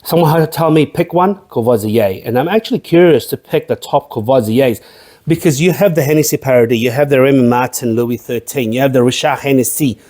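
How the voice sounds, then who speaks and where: A man's voice: mid-range voice, brisk, mellow. A man hosting a casual spirits tasting review, chatty and rambling, with jokey asides. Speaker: host of a spirits review channel.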